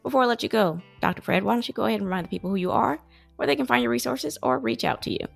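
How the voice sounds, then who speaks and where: A woman's voice: on the high side, racing, gravelly, faint music behind. A woman hosting a podcast interview, upbeat and affirming, closing the episode with a prepared outro. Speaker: podcast host.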